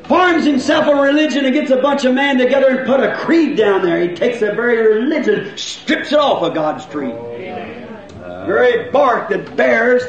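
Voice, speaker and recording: A middle-aged man preaching a revival sermon to a congregation, in folksy rural grammar, asking questions and now and then breaking into shouts. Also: very high-pitched. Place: church hall with congregation. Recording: very echoey old church recording.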